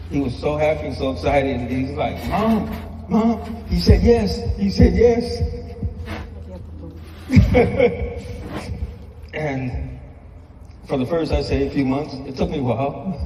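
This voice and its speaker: A man speaking as a father at a funeral, soft-spoken and halting, with many pauses in plain everyday speech. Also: medium pitch, noisy background. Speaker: father giving a eulogy. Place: church or funeral hall. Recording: echoey hall, mic at a distance.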